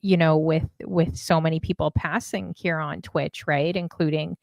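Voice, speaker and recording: A woman's voice: sits low, fairly even intonation, normal speed, vocal fry, darkish tone, dry recording, studio quality. A woman hosting a casual conversation, answering a guest's story with encouragement. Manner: encouraging listener, short affirmations. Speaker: host. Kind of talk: casual chat.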